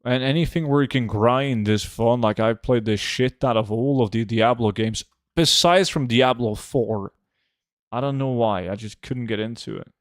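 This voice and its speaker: A man's voice: mid-range voice, normal speed, no echo, clean studio sound. A man, a game streamer chatting casually and reading his chat aloud in a laid-back way full of fillers. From Norway.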